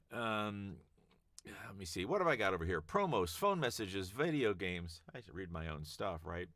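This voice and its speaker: Voice actor talking straight to camera, low and dry, casual and emphatic. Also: male voice, a bit bright, no room sound. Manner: conversational, emphatic, demonstrates readings. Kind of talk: casual advice talk to camera.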